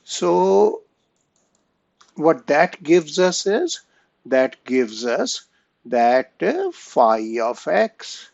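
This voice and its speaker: A man giving an online math lesson at an unhurried pace, his voice gravelly and rising and falling a lot as he checks in with the class. He pauses and restarts often. The recording is dull and dry, with no room sound. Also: on the high side, very animated, darkish tone, dry recording. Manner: slow, halting, frequent "right?" and "okay?" checks. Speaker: math lecturer. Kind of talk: online lecture.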